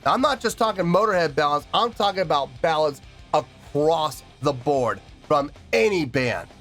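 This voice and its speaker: A man's voice: fairly high pitch, expressive, normal speed, fairly bright tone. A man hosting a music reaction video, talking in an earnest, rambling way and repeating himself, choked up and teary. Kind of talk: casual reaction video talk.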